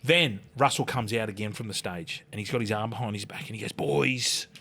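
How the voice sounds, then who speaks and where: A man's voice: fairly low pitch, brisk, pushed and bright. An older Australian man, a podcast guest, telling a rowdy anecdote, swearing freely and acting out the other voices. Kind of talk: animated storytelling.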